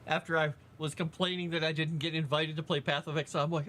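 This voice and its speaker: A man's voice: on the high side, little pitch movement, fast, fairly bright tone, slight background noise. A man streaming live, talking casually to his viewers in a rambling, chatty way, full of fillers and asides.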